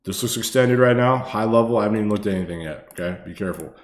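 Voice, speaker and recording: A man's voice: fairly low pitch, rapid-fire. A man casually talking viewers through stock charts on a live stream, swearing freely and calling them brother and boss. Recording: echoey room with faint ambience.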